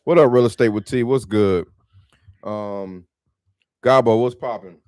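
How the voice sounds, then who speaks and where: A man hosting a casual live stream about real estate wholesaling, telling stories in an animated, slangy way and laughing often. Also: lowish voice, a little slow, no echo, studio quality.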